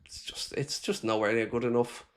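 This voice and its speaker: An Irishman hosts a live football fan reaction stream, ranting angrily, swearing, and reading viewer comments aloud. His voice is medium-pitched, with a steady tone and normal speed.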